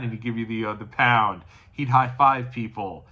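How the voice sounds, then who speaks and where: A man in his thirties hosting a wrestling channel, telling a personal story in a casual, animated way, acting out quotes and dropping to quiet asides. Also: mid-range voice, fairly quick.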